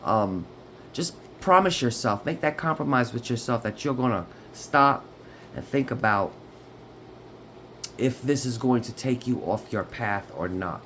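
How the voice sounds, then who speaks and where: A man's voice: mid-range voice, animated, a little slow, a bit bright, slight background noise. A man talking through a tarot reading at home in a chatty way. He keeps checking in with his listeners. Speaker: tarot reader. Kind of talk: casual tarot reading to camera.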